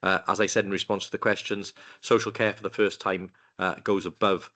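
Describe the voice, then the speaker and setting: Deep, flat-voiced male council leader. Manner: halting, with frequent pauses. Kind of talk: formal meeting speech. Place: council meeting room.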